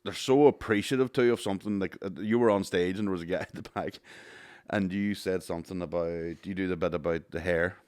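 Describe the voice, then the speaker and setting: A man's voice: low-pitched, steady tone, a little mellow, clear, resonant tone, no echo, clean studio sound. A man co-hosting a podcast, chatting casually, teasing and laughing at his co-host. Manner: laughing, teasing, quick asides. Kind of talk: casual chat.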